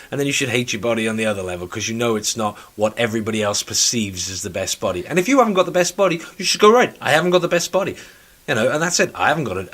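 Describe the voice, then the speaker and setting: A man chats on his own podcast in a mid-range voice, ranting with plenty of swearing. He slips into quick mocking impressions of the people he is complaining about. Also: mid-range voice, fairly bright tone. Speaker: podcast host. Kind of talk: casual chat.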